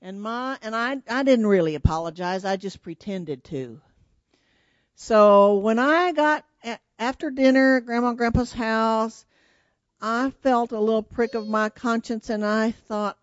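A woman tells a children's story at church in an animated, questioning way, drawing the kids in. The recording is dull and lo-fi, with a dry, close sound. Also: fairly high pitch, a little slow, dry recording.

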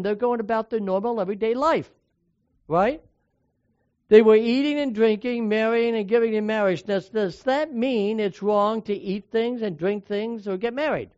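Brief: male preacher, high voice, emphatic, dry dull lo-fi sound. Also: darkish tone, no echo. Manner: emphatic, asks the listeners questions, pauses between short phrases. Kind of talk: sermon with scripture reading.

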